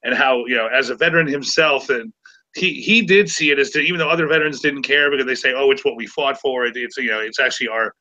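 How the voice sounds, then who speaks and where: A man's voice: mid-range voice, fast, sharp tone, lo-fi sound. A man in his forties, hosting a podcast, telling stories with sarcasm and plenty of stammered restarts. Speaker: podcast host. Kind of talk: casual chat.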